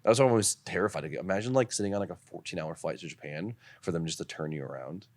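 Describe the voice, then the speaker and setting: A young man, a podcast guest, telling stories in casual chat, animated and laughing often, swearing freely. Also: sits low, racing, dry recording. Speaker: podcast guest, car builder and drifter.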